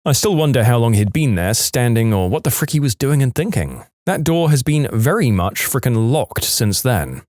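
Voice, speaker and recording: A man's voice: mid-range voice, big pitch swings, moderate pace, few pauses, a little mellow, no echo, studio quality. A man narrating reader-submitted stories in a dramatic storytelling manner, with wry asides. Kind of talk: scripted narration of reddit stories.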